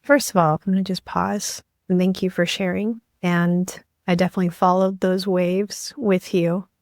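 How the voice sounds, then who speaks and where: A woman's voice: lowish voice, fairly even intonation, normal speed, darkish tone, dry recording, clean studio sound. A woman hosting a podcast interview, talking earnestly and with feeling, with many "like"s and "you know"s. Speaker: podcast host. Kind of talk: conversational interview.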